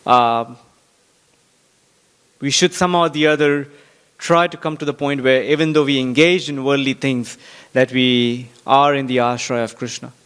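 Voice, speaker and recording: A man giving a sermon-style scripture class in a temple, telling a story with lively acted-out quotes and frequent fillers. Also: mid-range voice, moderate pace, smooth. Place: temple hall.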